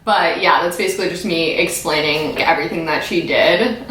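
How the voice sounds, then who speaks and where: A woman's voice: lowish voice, normal speed, fairly bright tone. Young american woman vlogging, chatty and self-mocking, lots of echo in the room. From United States. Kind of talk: casual reaction commentary. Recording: echoey room.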